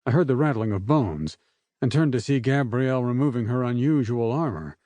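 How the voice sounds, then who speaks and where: A man narrating a first-person audiobook in an unhurried, measured way. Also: mid-range voice, expressive, mellow, no echo.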